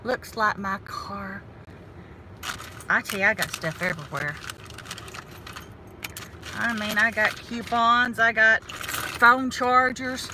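Her voice sits on the high side, and she talks slowly with frequent pauses, drawling in a North Georgia Southern accent. It's a casual, self-deprecating driving vlog captured by a phone or camera on the sun visor, with soft car and road sounds in the background.

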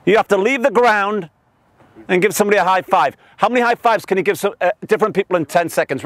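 Energetic high-voiced soccer coach. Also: male voice, fast. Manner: loud energetic commands and counting. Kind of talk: coaching a youth practice on the field. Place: outdoor soccer field.

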